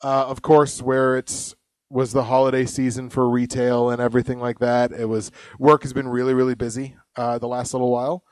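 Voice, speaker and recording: Brief: young male podcast host, casual rambling chat, mid pitch, dead-dry recording. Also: monotone, brisk, no room sound. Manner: chatty, laughs often, rambling.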